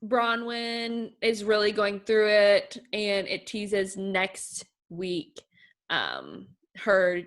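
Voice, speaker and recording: A woman's voice: mid-range voice, lively intonation, extremely slow. A woman co-hosting a podcast, gushing and animatedly retelling reality TV scenes in casual chat. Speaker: podcast co-host.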